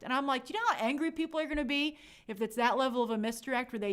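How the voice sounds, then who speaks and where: A young woman hosting a casual live stream, reading viewer comments aloud and chatting in an animated way with many fillers. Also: sits high, fast talker, few pauses. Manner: chatty, animated, lots of fillers and quoted asides.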